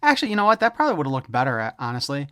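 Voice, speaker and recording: A man's voice: medium pitch, wildly swooping pitch, rapid-fire, bright, forceful tone, dry recording, clean studio sound. A man giving a casual unboxing review of a toy, opinionated and wry, with jokes thrown in.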